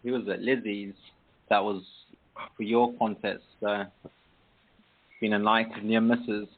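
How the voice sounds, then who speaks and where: A British man hosting an online poetry radio show, chatting casually with many pauses and restarts. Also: on the low side, level tone. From Britain. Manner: hesitant, many ums and restarts. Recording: tinny phone-like line.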